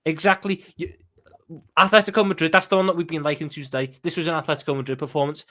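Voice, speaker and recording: Male panelist, voice on the higher side, emphatic, stumbles over repeated words, passionate match talk. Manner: fast, emphatic, repeats words when excited. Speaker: panel guest, football fan.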